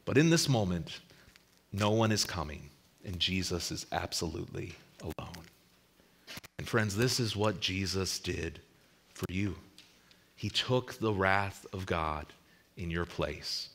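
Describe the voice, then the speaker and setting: A man preaching a sermon as pastor, swelling to loud emphasis and then dropping to a hushed close, sometimes repeating words as he restarts. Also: sits low, expressive, a little slow, long pauses.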